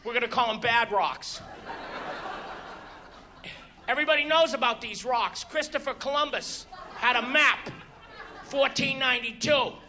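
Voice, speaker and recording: A male stand-up comedian telling stories on stage with animated exasperation. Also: extremely high pitch, unhurried, pauses often, a little hiss or hum. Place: comedy stage before an audience. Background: audience laughter.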